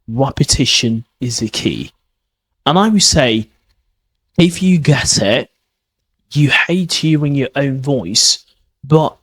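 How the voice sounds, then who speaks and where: A man's voice: medium pitch, fairly bright tone, breathy edge. A man hosting a podcast lesson on pronunciation, talking casually with lots of fillers and encouraging repetition. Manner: rambling, frequent fillers like "I mean" and "kind of"; encouraging, repeats key points. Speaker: English pronunciation teacher, podcast host.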